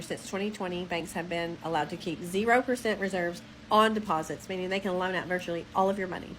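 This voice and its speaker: A woman with a lowish voice lays out her claims in a firm, declarative monologue. Noticeable noise runs behind her. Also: fairly bright tone, rough recording. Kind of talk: scripted monologue.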